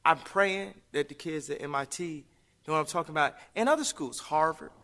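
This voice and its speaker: A man's voice: on the high side, fairly quick, sharp tone, a little hiss or hum. A man speaking in an interview, preachy and emphatic, rambling between points with laughs. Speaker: interview guest. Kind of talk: impassioned interview talk.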